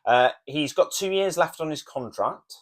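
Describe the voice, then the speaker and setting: A man hosting a podcast, explaining in a measured, steady way. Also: fairly high pitch. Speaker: podcast host. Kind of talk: casual podcast chat.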